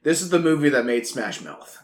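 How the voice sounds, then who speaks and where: A man in his twenties co-hosting a casual podcast chat, animated and swearing freely. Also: mid-range voice, brisk. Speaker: podcast co-host. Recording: echoey room.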